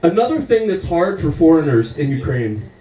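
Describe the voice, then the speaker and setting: A man doing stand-up, telling stories in a profane, animated way. His voice runs a little high with lively swings in pitch, and his tone is mellow. The sound echoes around a roomy club. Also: moderate pace, distant mic. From United States. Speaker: comedian. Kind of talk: stand-up comedy.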